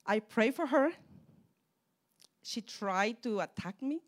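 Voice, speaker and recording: A woman preaching and telling a personal testimony, fervent, dropping soft and then rising loud. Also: a little high, expressive, slow. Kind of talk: sermon testimony.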